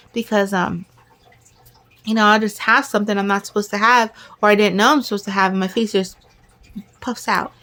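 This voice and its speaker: A middle-aged woman chatting casually to camera as a vlogger, excitable and rambling, sometimes talking fast and jumbling her words. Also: mid-range voice.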